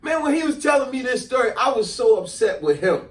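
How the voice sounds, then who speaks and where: A middle-aged New man tells a story in casual chat, animated and acting out each voice. His voice sits high for a man. He sounds roomy and set back from the mic. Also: fairly quick. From New Jersey. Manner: animated, acts out quoted voices. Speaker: host. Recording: echoey room, mic at a distance.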